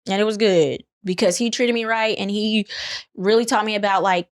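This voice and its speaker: A young adult woman co-hosting a casual chat, telling stories in an animated way, acting out quotes with big jumps in pitch and laughter. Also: moderate pace, no room sound, clean studio sound. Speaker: podcast co-host.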